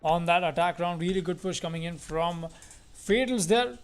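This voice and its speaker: A man's voice: high voice, normal speed, smooth. A man giving upbeat color commentary and analysis on a competitive shooter match. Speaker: esports co-caster.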